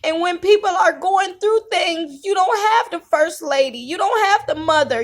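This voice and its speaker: A woman's voice: very high-pitched, moderate pace. A woman vlogger, venting in an impassioned, preacher-like way and crying at times. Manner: impassioned, tearful, preacher-like cadence. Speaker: YouTube vlogger. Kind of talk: emotional venting monologue.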